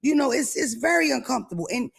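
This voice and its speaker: A man's voice: very high-pitched, expressive, fast, gravelly, fairly bright tone, a little hiss or hum. A man co-hosting a podcast, gossiping crudely and theatrically and mimicking people he talks about. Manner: gossipy, theatrical, quotes people in mock voices. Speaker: podcast co-host. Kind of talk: crude comedic casual chat.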